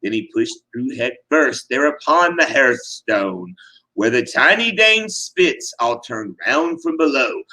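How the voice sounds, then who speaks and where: A man's voice: medium pitch, sing-song, slow pace, pushed and bright, rough recording. A man giving a dramatic reading of a rhyming tale with a theatrical, sing-song delivery. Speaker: reader.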